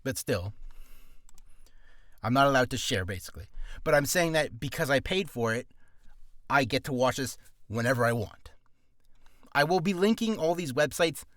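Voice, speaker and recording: A man's voice: mid-range voice, lively intonation, moderate pace, pauses often, fairly bright tone, no room sound, studio quality. A man in a casual vlog, rambling in a goofy way and often cutting himself off mid-sentence. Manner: goofy, rambling, self-interrupting. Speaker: voice actor vlogger. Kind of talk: casual screen-share vlog.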